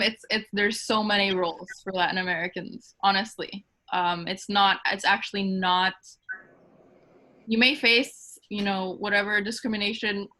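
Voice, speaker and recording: A woman's voice: mid-range voice, sharp tone. A woman speaking as a panelist on a video call, upbeat and encouraging. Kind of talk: panel discussion.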